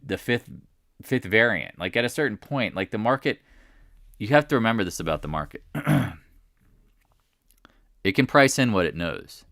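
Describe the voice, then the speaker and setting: A stock market livestream host with a low voice and a sharp tone runs a live market chat, recorded dry with clean studio sound. He talks casually but with emphasis, repeating his points and rambling between thoughts.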